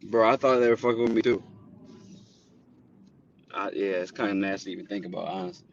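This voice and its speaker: A man's voice: on the low side, a little fast, creaky. A man chatting as a guest on a live stream, laid-back and swearing casually. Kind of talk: casual chat. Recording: dull audio with faint noise.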